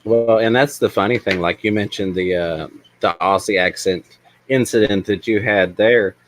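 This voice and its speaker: A man talking in a measured, agreeable way in a casual stream chat. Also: on the low side.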